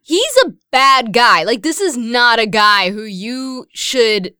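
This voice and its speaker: A woman co-hosting a comedic news podcast with a bright, smooth voice pitched a little high. She is chatty and self-deprecating and laughs easily. The recording is dry and close. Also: animated, takes it slowly, no room sound. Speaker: podcast co-host.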